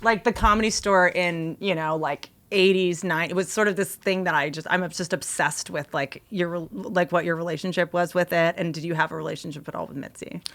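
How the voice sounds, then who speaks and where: A woman's voice: on the low side, steady tone, a little fast, few pauses, a bit bright. A woman hosting a podcast, chatting casually with lots of filler words. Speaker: podcast host. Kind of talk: casual chat.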